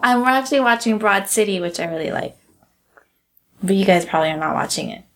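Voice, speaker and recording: A woman chatting on a podcast, playful and quick to tease. Her voice sits at a middling pitch for a woman. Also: animated, a bit bright, a little hiss or hum. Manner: teasing, playful. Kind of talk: casual chat.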